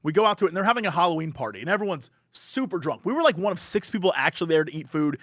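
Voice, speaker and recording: A man, a podcast guest, chatting casually and telling animated stories, acting out quotes and laughing often mid-sentence. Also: fairly high pitch, very fast, no room sound, studio quality.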